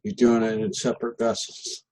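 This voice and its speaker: A man's voice: medium pitch, monotone, normal speed, a little mellow, rough recording. A man student asking questions in a class. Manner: inquisitive.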